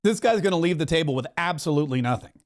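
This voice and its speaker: A man's voice: fairly high pitch, lively intonation. A man hosting opinionated political commentary, sarcastic and mocking, speeding up and then drawing words out. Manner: sarcastic, mocking, pace swings between rushed and drawn out.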